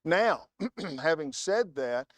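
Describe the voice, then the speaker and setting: A man's voice: fairly high pitch, expressive, slow pace, no echo. A man preaching a sermon in a church, telling stories with emphatic, word-by-word stress. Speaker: guest preacher.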